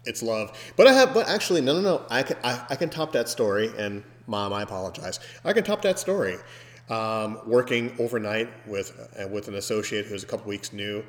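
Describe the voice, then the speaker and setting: Lower-voiced man telling a story. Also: a little fast. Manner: animated, mimics screams loudly. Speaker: podcast host. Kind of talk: casual storytelling. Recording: long hall reverb.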